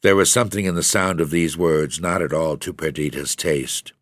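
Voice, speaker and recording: A man narrating a gothic story with a measured, deliberate reading. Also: extremely low pitch, steady tone, no echo. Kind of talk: scripted narration of a gothic tale.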